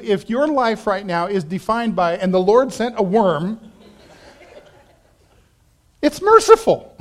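In a high voice, a male pastor tells a story from the pulpit, performing quoted lines in different voices with lively shifts in delivery. He breaks into occasional laughter.

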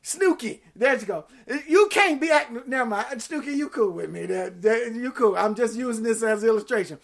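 A woman with a high voice preaches to her church, keeping her sermon conversational and lively. She breaks off for playful asides to the people in front of her. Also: normal speed. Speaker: pastor.

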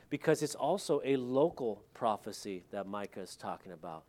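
Male pastor, mid-pitched, talky sermon delivery with wry asides. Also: very animated, moderate pace, darkish tone. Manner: conversational, with joking asides.

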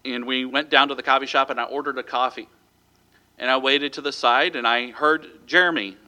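A man's voice: mid-range voice, steady tone, brisk, bright, forceful tone. A man giving a sermon as pastor, telling a story in a conversational way and chuckling lightly now and then.

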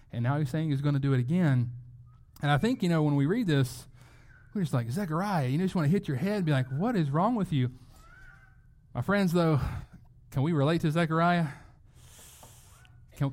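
Middle-aged guy preaching, chatty and animated, kinda high voice. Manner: conversational, animated, acts out quotes. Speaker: pastor. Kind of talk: sermon.

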